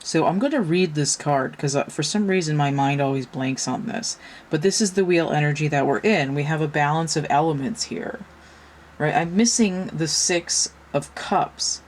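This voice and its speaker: A woman's voice: deep voice, normal speed, darkish tone, slight background noise. A woman giving a casual tarot reading, frank and a little profane, asking her listeners question after question. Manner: frank and swearing, full of rhetorical questions. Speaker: tarot reader.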